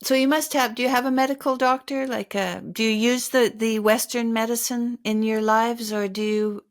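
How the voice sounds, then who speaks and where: A woman's voice: fairly high pitch, fairly even intonation, moderate pace. An older woman hosting a podcast interview, reflective and sharing personal stories. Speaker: podcast host. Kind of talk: conversational interview.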